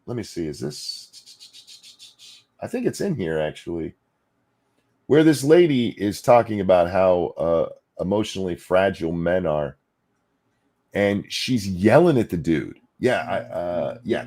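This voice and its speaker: A man's voice: sits low, very animated, unhurried, darkish tone. A man hosting a podcast, ranting in casual, mocking, sarcastic commentary. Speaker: podcast host.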